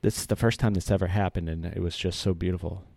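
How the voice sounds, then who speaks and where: A man's voice: low-pitched, steady tone, fast talker, gravelly, dark tone, no echo. A man in his thirties telling a personal story in a casual, earnest way, rambling with many fillers and restarts.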